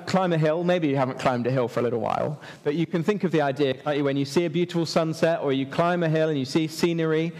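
Give me a lively preacher quizzing children, with a high voice in an echoey hall. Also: male voice. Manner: lively, asks children questions. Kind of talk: children's sermon.

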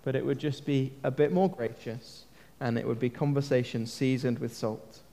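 A man's voice: medium pitch, moderate pace, vocal fry, dark tone. A man preaching a sermon in a church, earnest and conversational, often asking his listeners questions. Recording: long reverb of a large hall.

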